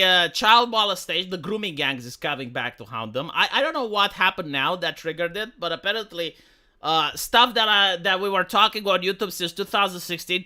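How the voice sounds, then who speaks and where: Ranting on a live stream, a man from Romania vents profane, heated outrage. His voice is very bright with a sharp edge, and it swings widely in pitch as he stumbles through restarts.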